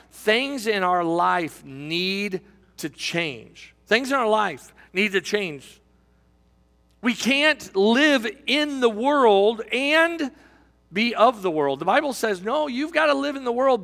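Pastor at the pulpit, high-pitched male voice, emphatic and halting, long church reverb. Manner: emphatic preaching, halting repeats, shifting to quiet asides. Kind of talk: sermon. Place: church sanctuary, behind a pulpit.

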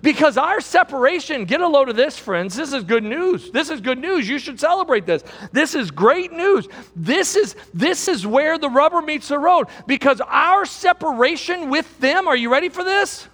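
A man's voice: extremely high pitch, very animated, normal speed, few pauses, fairly bright tone, long reverb tail. A man preaching a sermon as pastor, emphatic and repetitive, asking the congregation rhetorical questions.

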